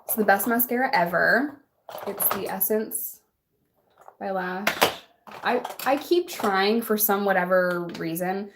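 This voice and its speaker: A woman's voice: mid-range voice, takes it slowly, very noisy. A young adult woman vlogger chatting casually and bluntly while doing her makeup, laughing often and answering a live chat.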